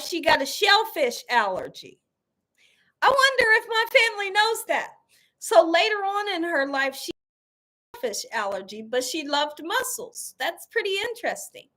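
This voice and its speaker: Her voice is high-pitched, bright and forceful as she runs a live cooking channel stream. She banters casually, reads comments from viewers, and laughs often in an emphatic, playful way.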